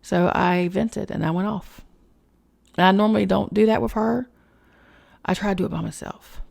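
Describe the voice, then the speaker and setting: A woman's voice with a heavy gravelly fry running through it, pitched in a middle range. She hosts a spiritual podcast and talks through a candid personal monologue. She is frank and emotional, swears without a second thought, and keeps it loose with plenty of fillers. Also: steady tone, normal speed, darkish tone.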